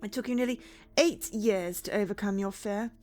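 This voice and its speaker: A woman voicing a formal, reassuring male doctor in a game, with polite, measured speech. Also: mid-range voice, darkish tone, soft background music, natural voice.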